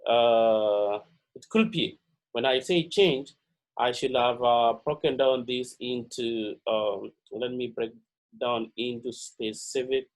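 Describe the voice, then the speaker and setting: Man, chemistry instructor, pre-lab lecture, slow delivery, filler-heavy, repeats key words. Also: mid-range voice, rough recording. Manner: slow, halting delivery with many "uh" and "all right" fillers.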